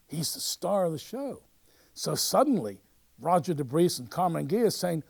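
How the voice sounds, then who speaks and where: A man, a local theatre society historian, narrating over show footage in a chatty, halting way with many fillers and restarts, lively when telling a story. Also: fairly high pitch, creaky, breathy edge.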